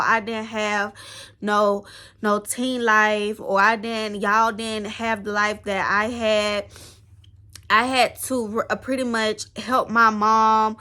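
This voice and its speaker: Slow, bright-voiced young woman vlogging. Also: on the high side. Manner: rambling, heartfelt, tearful at times. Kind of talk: emotional personal vlog.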